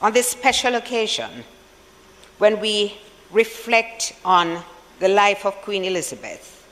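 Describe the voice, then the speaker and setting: A senator with a Jamaican accent giving a formal tribute speech for the opposition in parliament, measured and solemn, with deliberate pauses. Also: mid-range voice, expressive, a bit bright, in a large hall, poor audio. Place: senate chamber.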